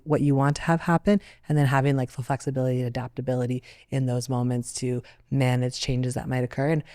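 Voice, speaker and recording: A Canadian woman in her thirties, a guest telling her story in a casual panel talk, with many fillers and animated turns. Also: extremely low pitch. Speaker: interview guest, Olympic athlete.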